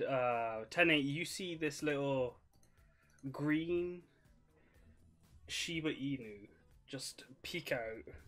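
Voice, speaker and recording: A man narrating a tabletop game as its game master, with a voice a touch higher than most. He talks casually and haltingly, stopping often to check his notes and fill gaps with ums. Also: a bit bright. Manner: casual, halting, with many fillers.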